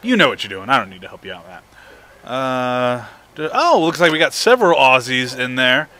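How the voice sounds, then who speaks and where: A man's voice: mid-range voice, big pitch swings, fairly quick, sharp tone. A young man hosting a casual live stream, cheerfully reading viewer messages aloud and chatting. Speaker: livestream host.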